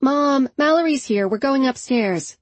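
A woman's voice: medium pitch, sing-song, extremely slow, breathy edge, no room sound, heavily acted. A woman reading an audiobook and voicing a sarcastic teenage girl who talks with eye-rolling exasperation. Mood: exasperated. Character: sarcastic teenage girl, bold best friend.

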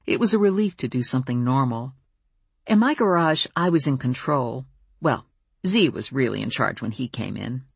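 A woman narrating a first-person audiobook in an even, wry storytelling tone. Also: very deep voice, moderate pace, creaky, husky, no room sound.

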